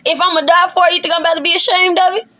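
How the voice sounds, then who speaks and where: A female bible teacher delivers scripture lessons in an emphatic, preacherly style, her high voice bright and forceful. She speaks colloquially, laughing often between points, with a level tone at a very fast pace.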